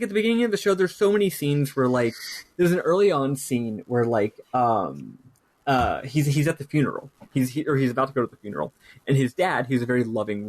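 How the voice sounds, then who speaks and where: A man's voice: medium pitch, no echo. A man co-hosting a podcast, chatting casually about a TV show, rambling with many fillers and restarts. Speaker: podcast co-host.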